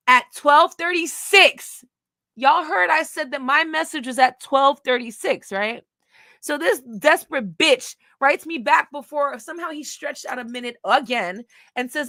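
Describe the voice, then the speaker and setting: A woman's voice: high-pitched, unhurried, bright, forceful tone, no echo, clean studio sound. A woman vlogger telling a story in casual talk, reading old messages aloud in a blunt, profane, scornful way.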